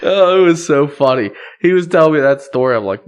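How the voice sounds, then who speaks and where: A man's voice: a little high, lively intonation, brisk, clean tone. A man hosting a podcast in easy casual chat, agreeing and laughing along with his guest. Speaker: podcast host.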